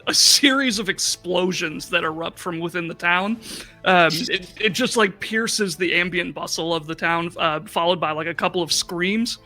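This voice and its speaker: A man's voice: high voice, moderate pace, bright, forceful tone. A man narrating as game master of a tabletop game, upbeat and prone to stammering. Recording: faint background music.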